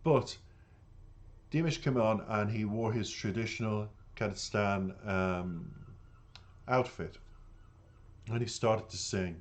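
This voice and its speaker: A man with an Irish accent and a fairly low voice talks straight to his viewers in a casual monologue. He is earnest and indignant as he rambles, and he calls the people listening "dears". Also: slow, pauses often. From Ireland. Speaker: reaction channel host.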